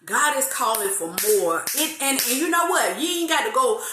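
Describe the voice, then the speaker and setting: Woman, forties, faith talk host, casual, laughs often, lively, roomy echo. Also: a little high, moderate pace, background noise. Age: 40s. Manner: lively, laughs often, drawls some phrases.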